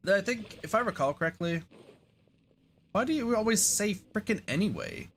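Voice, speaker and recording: A man's voice: high-pitched, big pitch swings, normal speed, fairly bright tone, a little hiss or hum. A man streaming a video game, muttering casual, mildly crude commentary and reading dialogue aloud.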